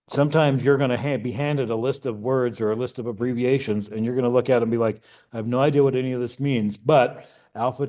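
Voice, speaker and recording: A man's voice: medium pitch, darkish tone. Casual middle-aged man teaching radio class. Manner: conversational, explains step by step with frequent "okay?" and "right?". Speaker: amateur radio class instructor. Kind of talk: classroom lecture.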